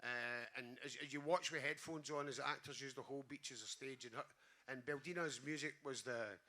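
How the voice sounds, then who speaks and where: A man's voice: mid-range voice, brisk, pushed and bright. A Scottish man performing his poems on a small stage, earnest and sweary in his asides to the audience. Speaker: poet. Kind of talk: live spoken-word performance. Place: small live venue stage.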